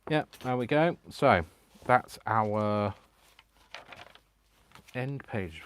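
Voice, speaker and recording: A man's voice: fairly low pitch, animated, measured pace, pauses often. A man chatting casually through a crafting tutorial at home, rambling and self-deprecating and chuckling often. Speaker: craft vlogger. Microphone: wired mic on a tripod setup.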